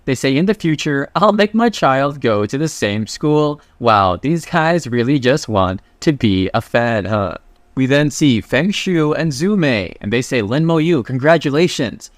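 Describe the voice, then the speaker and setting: A man's voice: medium pitch, big pitch swings, unhurried, dry recording, clean studio sound. A man retelling a comic story in a loose, chatty, slangy way, reading the characters' lines as he goes. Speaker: manhwa recap narrator. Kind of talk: casual story recap narration.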